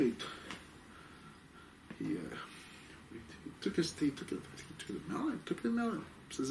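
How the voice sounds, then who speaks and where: A man teaching a rabbinic class, racing through stories and leaping up in pitch whenever he acts out a character. His voice sits a little high and swings widely. It is recorded from a distance, with a faint hum behind it. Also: fairly quick, gravelly, pauses often. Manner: excitable, acts out quoted people with sudden jumps in pitch; sprinkles in Yiddish and Hebrew terms. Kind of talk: animated storytelling Torah class. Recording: distant mic with faint background noise.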